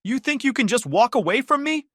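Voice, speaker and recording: A man's voice: expressive, brisk, no room sound, clean studio sound, exaggerated voice. A man voicing a screaming unhinged ex-girlfriend. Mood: furious. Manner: shrill yelling.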